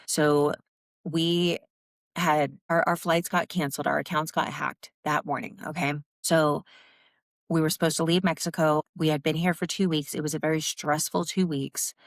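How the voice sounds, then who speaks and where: Her deep voice stays level and moderately paced as the young podcast host frankly recounts her own story, cursing often. The studio-quality recording has no room sound.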